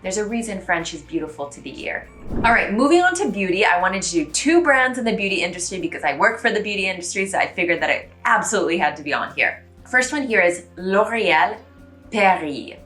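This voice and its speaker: A young American woman giving a casual pronunciation lesson, chatty and repeating words slowly to drill them. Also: medium pitch, sing-song, sharp tone, faint music behind. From United States. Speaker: language teacher.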